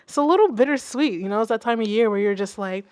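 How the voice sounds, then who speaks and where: A young adult woman, a music producer, hosting a casual livestream and chatting with viewers, swearing freely and swinging between loud outbursts and soft asides. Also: fairly high pitch, expressive, quick pace, no echo, studio quality. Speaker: music producer and stream host.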